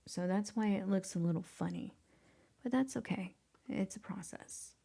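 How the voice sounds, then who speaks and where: A woman's voice: medium pitch, moderate pace, gravelly, mellow, slightly rough. A woman walking viewers through photo editing, drifting into whispers as she works and laughing at her own slip-ups. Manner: self-deprecating, often drops to a whisper while working. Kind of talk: casual screen-recorded tutorial.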